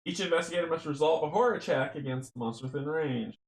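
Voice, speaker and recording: A man's voice: a little high, quick pace, creaky. A man playing a board game solo, reading the game text aloud and chatting to himself with chuckles. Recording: roomy echo.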